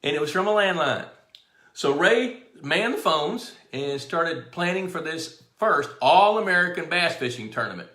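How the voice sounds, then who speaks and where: A man's voice: fairly high pitch, animated, normal speed, pushed and bright. A middle-aged man hosting a live stream, telling stories in a folksy way and greeting viewers by name. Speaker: show host. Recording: echoey room.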